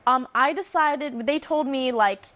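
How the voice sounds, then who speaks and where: A young woman teacher telling stories in casual chat, with quick asides and laughs. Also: high voice, fairly bright tone.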